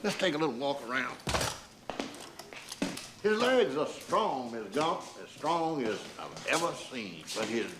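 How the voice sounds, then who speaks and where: Film role, blunt country doctor, lively pitch, noisy soundtrack behind him. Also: male voice, unhurried, pauses often.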